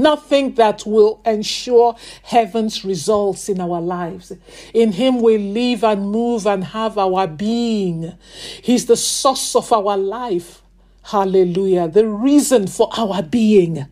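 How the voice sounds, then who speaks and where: Woman leading hotline prayer, slow and fervent, half-sung refrains. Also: medium pitch, a little mellow. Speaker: prayer leader. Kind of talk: prayer ministry over a hotline.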